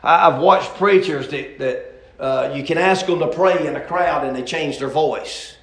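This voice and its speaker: A preacher man delivering a sermon in a folksy drawl, his voice sitting high for a man. His delivery climbs from easygoing talk into loud shouts. The sound comes from an echoey church room. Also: a little slow.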